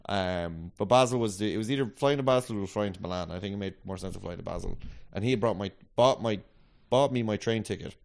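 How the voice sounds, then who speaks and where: A man on a podcast whose voice sits a little low. He rambles and restarts, feeling his way through his stories in casual chat. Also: quick pace, creaky, few pauses. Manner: rambling, hesitant, full of restarts. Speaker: podcast co-host.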